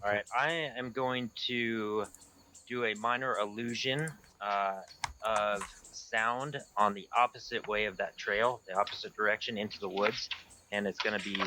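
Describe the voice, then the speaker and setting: A man's voice: fairly low pitch, steady tone, unhurried, background noise. A man playing a tabletop game, casually explaining his plan. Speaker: player.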